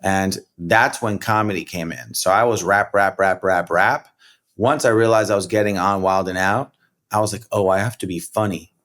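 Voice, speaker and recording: Rambling New rapper, low voice. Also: male voice, moderate pace. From United States. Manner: rambling, animated, many "like" and "you know" fillers. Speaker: rapper and comedian, podcast guest. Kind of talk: casual storytelling interview.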